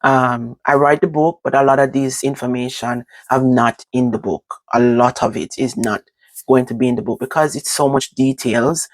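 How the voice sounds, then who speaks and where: An older woman with a Jamaican accent, telling stories from her own life to her vlog audience in casual, animated talk that moves between patois and standard English. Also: extremely low pitch, moderate pace, dry recording. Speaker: vlogger. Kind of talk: casual storytelling to camera.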